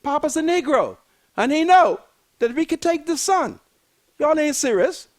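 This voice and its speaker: Older Bahamian man, very high and swooping voice, fiery repetitive political commentator. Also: big pitch swings, moderate pace. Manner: emphatic, repetitive, preachy.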